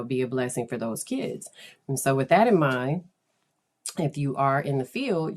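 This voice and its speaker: Woman podcast host, low voice, unhurried, chatty and enthusiastic. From United States. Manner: chatty, enthusiastic, laughs often. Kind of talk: casual podcast talk.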